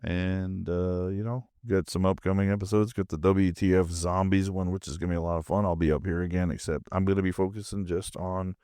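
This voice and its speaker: A man's voice: deep voice, little pitch movement, fairly quick, hardly any pauses, warm tone, clean tone, dry recording, clean studio sound. A man hosting his own podcast from his home movie room, drowsy and half asleep, rambling in a laid-back, meandering way. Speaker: podcast host. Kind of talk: casual rambling monologue.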